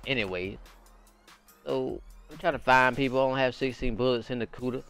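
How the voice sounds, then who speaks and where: A young man casually commenting on his own gameplay as host, slangy and animated, repeating phrases and yelping when excited. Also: mid-range voice, fairly quick, over music. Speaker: gaming channel host.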